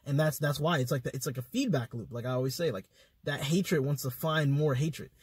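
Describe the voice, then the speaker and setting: A man speaking as a podcast guest, telling stories in an animated, slangy way with swearing. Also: mid-range voice, a little fast, slightly rough, dry recording. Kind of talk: casual conversation.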